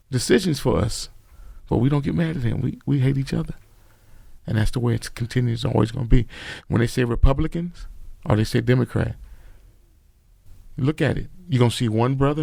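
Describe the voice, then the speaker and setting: Gravelly man telling stories emphatically. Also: medium pitch, normal speed, no room sound. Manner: animated storyteller, preachy and emphatic. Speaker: podcast guest, author. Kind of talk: casual storytelling interview.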